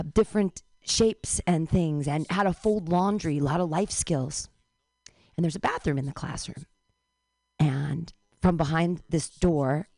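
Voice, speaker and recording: A woman's voice: sits low, no room sound. Woman telling a wild story, dry close sound. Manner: animated storyteller, swings to loud cries. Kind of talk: stand-up story on a radio show.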